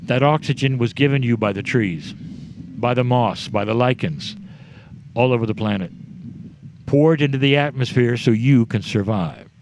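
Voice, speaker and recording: A man delivering a channeled spiritual message to a live audience, speaking in short measured phrases and addressing the listeners directly. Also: mid-range voice, darkish tone, slight background noise.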